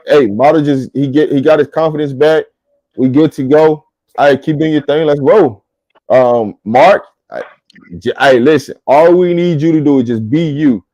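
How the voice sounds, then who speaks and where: A man's voice: medium pitch, mellow, no echo, low-quality recording. A man co-hosting casual sports talk, emphatic and coaching in tone.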